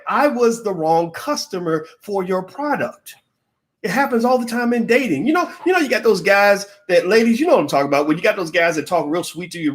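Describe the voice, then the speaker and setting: A middle-aged man holds forth in a loose, conversational monologue about negotiation. His voice sits a touch high for a man, and he gets animated, slipping into quoted voices and dropping casual curses. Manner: animated, acts out quoted people, swears casually. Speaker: commentator on business.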